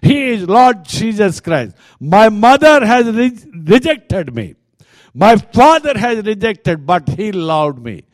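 A fervent, grateful man freed from demons, as an Indian preacher puts him on, in an Indian accent with a high voice that climbs toward shouts. He speaks slowly and deliberately, with a dry, close sound. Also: very animated, no echo, heavily acted. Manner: impassioned, rising to a shout.

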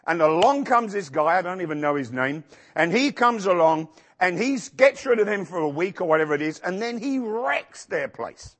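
A male pastor preaching a sermon in a church, acting out quotes with sudden shouts. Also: sits high, normal speed. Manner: animated, acts out quotes with shouts.

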